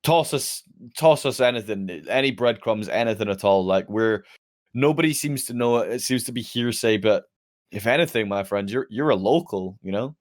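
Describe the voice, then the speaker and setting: Man, tabletop player, rambling and pleading, stumbling over words, somewhat low voice. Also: normal speed. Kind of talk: in-character tabletop role-play.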